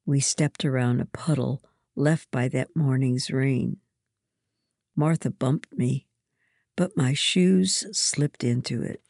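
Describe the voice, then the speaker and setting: A woman reading a children's storybook aloud, slow and measured. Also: extremely low pitch, creaky, a little mellow, no room sound, clean studio sound. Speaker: reader. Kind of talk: storybook narration.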